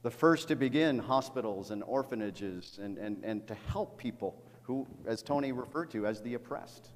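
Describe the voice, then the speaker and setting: A man's voice: medium pitch, normal speed, a little hiss or hum. A middle-aged man preaching a sermon as a pastor, speaking earnestly and often repeating words as he tells a story. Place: church sanctuary. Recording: long reverb of a large hall.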